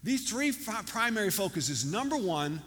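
Pastor guy preaching, kinda high bright voice, chatty and repeats himself, big reverb-y church hall. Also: very animated, normal speed. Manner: conversational, repeats words, many fillers. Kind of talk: sermon with a told joke.

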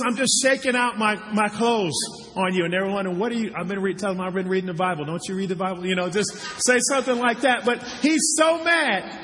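Guy preaching a sermon, reads verses out and quizzes the crowd, big church hall with long reverb. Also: extremely high pitch. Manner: animated preaching with slides, reading scripture aloud and asking the audience questions. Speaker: pastor.

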